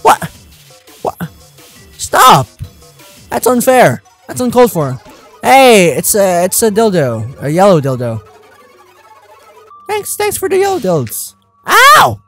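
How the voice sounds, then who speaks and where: A man hosting a let's play, commenting in an excitable, joking way with loud outbursts. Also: high voice, slow, long pauses, soft background music. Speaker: gamer, channel host.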